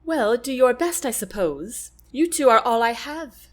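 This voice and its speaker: A woman's voice: fairly high pitch, animated, unhurried. A woman voicing a commanding young queen who speaks in formal, regal phrases. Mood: brisk.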